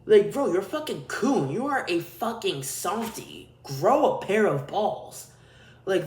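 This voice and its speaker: A man's voice: high-pitched, expressive, measured pace. A man hosting a podcast, delivering a crude, profane, ranting solo monologue. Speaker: podcast host. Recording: roomy echo.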